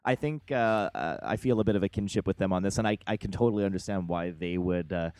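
Low-voiced man, dry close sound. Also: fast talker, darkish tone, no echo. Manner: hesitant, many fillers and restarts, laughs. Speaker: podcast co-host. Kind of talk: casual chat.

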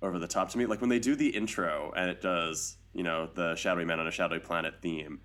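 A man co-hosting a podcast in casual chat, animated and laughing often, acting out quotes. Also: low-pitched, fast. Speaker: podcast co-host.

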